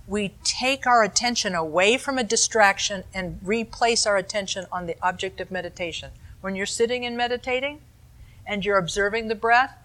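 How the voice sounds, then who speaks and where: A woman meditation teacher giving a dharma talk, explaining in a calm, conversational way with asides to her listeners. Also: a little high.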